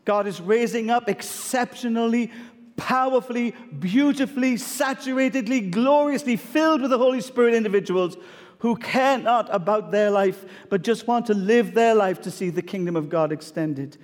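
Pastor guy preaching a sermon, fiery and emphatic, lots of questions at the crowd, kinda high voice. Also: normal speed, in a large hall.

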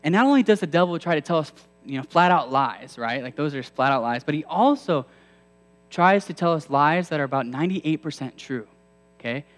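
A man's voice: a little high, expressive, a little fast. A male preacher giving a sermon in a conversational way, often asking his listeners questions. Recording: long hall reverb.

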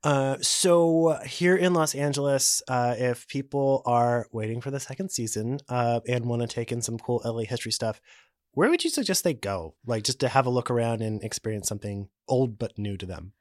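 A man's voice: mid-range voice, moderate pace, no echo. Dry-humored male interviewer. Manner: dry joking, asks questions. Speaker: podcast producer, interviewer. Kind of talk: casual interview.

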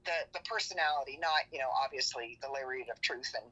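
A woman's voice: very deep voice, quick pace, a crowd in the background. A woman podcaster and writer chatting casually as a guest, laughing often, heard over a phone line.

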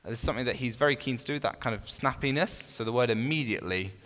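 A man leads a small Bible study group in a relaxed, conversational way, often restarting phrases and putting questions to his listeners. His mid-range voice runs very fast, and the room adds long reverb.

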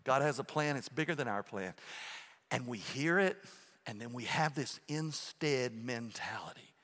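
A man's voice: mid-range voice, animated, measured pace, fairly bright tone, big-room sound. A male pastor preaching a sermon in a church in a conversational way, often checking in with "okay?" and restarting phrases. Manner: frequent restarts and repeated words. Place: church sanctuary.

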